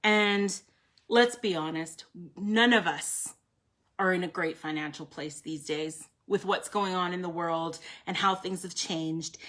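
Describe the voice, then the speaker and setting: A woman's voice: medium pitch, pushed and bright. A woman giving a live tarot reading, talking bluntly and emphatically, swearing freely and chatting with viewers by name. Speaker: tarot card reader.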